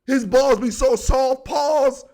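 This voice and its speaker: A young man giving a solo football recap, talking in excitable, joking slang. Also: very high voice, slow, creaky. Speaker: sports commentator.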